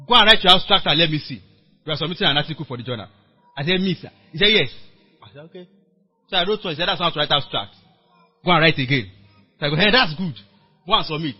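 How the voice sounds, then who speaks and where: High-voiced Nigerian pastor, husky and lo-fi. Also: male voice. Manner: animated storytelling, acting out quoted dialogue; calls on the congregation to respond. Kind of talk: sermon to a workers meeting. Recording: dull lo-fi church recording.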